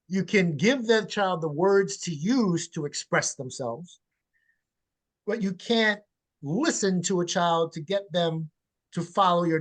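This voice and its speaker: High-voiced, animated male parenting coach. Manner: animated and emphatic, blunt with casual swearing. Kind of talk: webinar interview answers. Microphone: video call.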